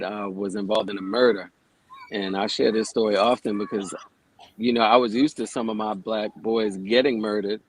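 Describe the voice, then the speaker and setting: This is a lowish male voice on a low-quality recording. The speaker, a forty-something yoga teacher, shares stories on a casual radio interview, talking plainly and conversationally and dropping swear words casually.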